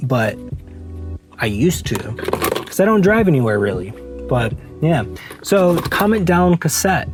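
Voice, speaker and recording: A man's voice: medium pitch, darkish tone. A young man from Southern Virginia vlogging from his car, rambling casually and cutting himself off mid-thought. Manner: rambling, self-interrupting. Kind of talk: casual chat to camera. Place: parked car.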